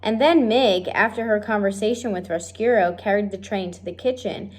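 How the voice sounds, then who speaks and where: A woman reading a children's novel aloud, speaking directly and warmly to her listeners. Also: mid-range voice, fairly quick. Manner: friendly, direct address to listeners. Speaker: reader of a children's book. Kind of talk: read-aloud storytelling.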